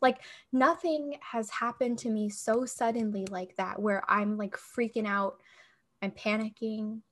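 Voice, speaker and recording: A young woman with a slightly high voice tells a messy night-out story to her co-host. She is animated and profane, and slips into little acted-out quotes. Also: measured pace. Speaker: podcast co-host. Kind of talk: casual storytelling chat.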